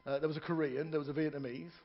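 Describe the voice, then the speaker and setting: A man works the room as a stand-up comic aboard a ship, spinning long jokes and chatting with the crowd. His voice sits a little high for a man. The live recording sounds dull and lo-fi. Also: level tone, rapid-fire. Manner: joke-telling with voiced characters and asides to the audience. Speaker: stand-up comedian. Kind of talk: stand-up comedy on stage. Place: ship's theatre lounge.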